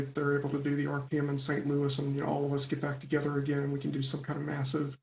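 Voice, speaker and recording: Podcast guest, male, gravelly and monotone, halting and keen, echoey lo-fi phone audio. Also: on the high side, slight background noise. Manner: halting, lots of fillers and restarts, enthusiastic. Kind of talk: casual interview chat. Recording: echoey dull phone call.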